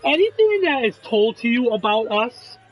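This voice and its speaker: A man's voice: very high voice, very animated, moderate pace, slightly rough, lo-fi sound, faint music behind. A man casually talking while playing a game, earnest and reassuring, with plenty of swearing. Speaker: gameplay video creator.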